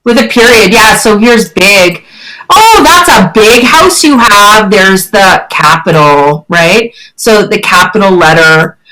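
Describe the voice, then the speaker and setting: Woman teacher, lively pitch, slow deliberate pace, online lesson, encouraging questions. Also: low-quality recording.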